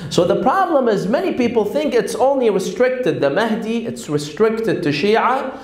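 A man's voice: high-pitched, sing-song, normal speed. A man giving a sermon to a congregation, posing rhetorical questions and quoting opponents. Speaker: speaker at a religious lecture. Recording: echoey hall.

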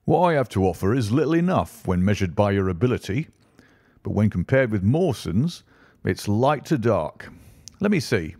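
A man voicing a brisk, flattering middle-aged financial agent who talks in a clipped, persuasive way, in an audiobook. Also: on the low side, no echo, studio quality. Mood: eager. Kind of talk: audiobook character reading.

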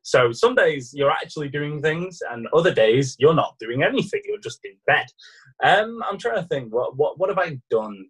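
A young man with a slightly husky, fairly high voice chats on a podcast as co-host. He hesitates, repeats words and pokes fun at himself. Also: animated, normal speed, a bit bright, rough recording. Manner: laughing, hesitant, self-deprecating. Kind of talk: casual podcast chat.

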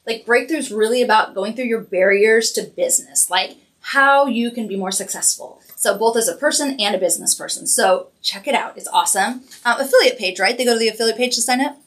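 A woman hosting a cosmetics live stream, chatty and quick to laugh. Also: a little high, fairly bright tone. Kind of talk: casual live-stream chat.

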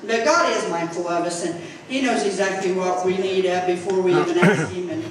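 A middle-aged woman with a Southern Indiana accent tells a folksy church testimony, acting out each quote. She sounds far from the mic in a very echoey sanctuary. Steady background noise sits under her voice. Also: lowish voice, brisk. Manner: folksy storytelling, acts out quotes, laughs often. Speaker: church member giving testimony.

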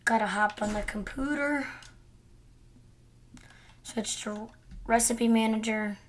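A woman's voice: a little high, takes it slowly, a little hiss or hum. A young woman narrating a cooking game as she plays, muttering her actions to herself and chatting to viewers now and then. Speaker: gamer. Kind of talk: gameplay commentary.

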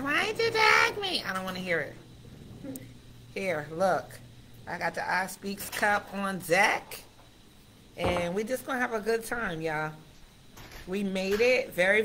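A woman's voice: medium pitch, slight background noise. Chatty woman hosting a live stream. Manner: chatty, excitable, talks straight to viewers. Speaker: host of a live affirmation stream. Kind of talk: casual live-stream chat.

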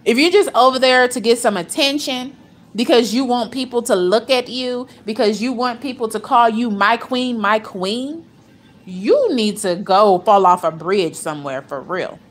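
Reaction vlogger: woman, higher voice, blunt, gossipy, profane, quick to laugh. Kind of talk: casual reaction commentary.

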